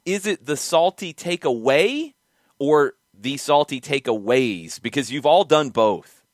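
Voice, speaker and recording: A man hosting a soccer podcast in casual chat, running through show plans and where to watch in a quick, rambling way. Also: fairly high pitch, animated, no echo, studio quality. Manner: fast, rambling promo talk. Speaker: podcast host.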